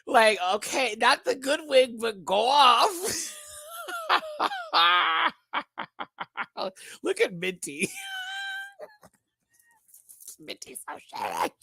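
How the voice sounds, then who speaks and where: A man's voice: very high voice, huge pitch swings, drawn-out words, creaky, pauses often, bright, forceful tone, slightly rough, no room sound, clean studio sound. A man giving a casual live review, campy and sassy, who laughs often between his remarks. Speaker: YouTube drag show reviewer.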